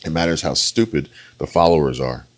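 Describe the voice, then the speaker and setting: A man's voice: rumbling low, a little fast. A man giving emphatic reaction commentary, repeating his points and talking straight to his viewers. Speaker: political commentator.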